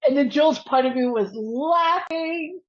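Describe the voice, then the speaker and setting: A woman's voice: high-pitched, a little slow. A woman guest on an interview show, telling a story and animatedly acting out the voices of the people in it. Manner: animated, quotes voices as she tells. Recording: dull lo-fi audio.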